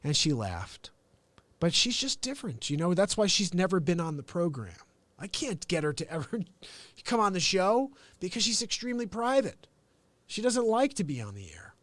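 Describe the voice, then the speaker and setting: A middle-aged man hosting his own daily live show, talking straight to viewers in a chatty, animated way. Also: high-pitched, moderate pace, dry recording. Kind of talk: casual live-stream monologue.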